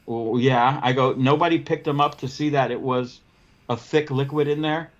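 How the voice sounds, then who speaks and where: A man hosting a casual podcast, telling a work story in an animated way and acting out the dialogue. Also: medium pitch, moderate pace, lo-fi sound. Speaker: podcast host, window cleaning business owner.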